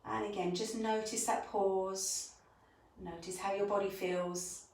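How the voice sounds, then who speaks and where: Gentle woman yoga teacher, echoey room. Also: mid-range voice, measured pace, recorded from a distance. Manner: calm, gentle cueing of breath and movement. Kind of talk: guided yoga instruction.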